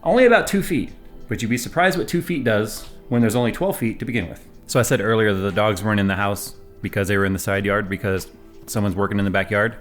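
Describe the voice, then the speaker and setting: A man's voice: fairly low pitch, fast talker, faint music behind. Male vlogger, 30s, chatty, roams room to room and restarts his sentences. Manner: rambling and conversational, restarts sentences. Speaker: tech YouTuber showing his home. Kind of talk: casual vlog walkthrough. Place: house, walking between rooms.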